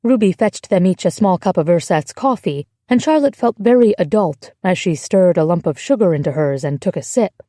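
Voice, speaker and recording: Woman audiobook narrator, mellow, dry studio sound, measured delivery. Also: on the low side, animated, no echo. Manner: measured, emotive storytelling. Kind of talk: scripted narration.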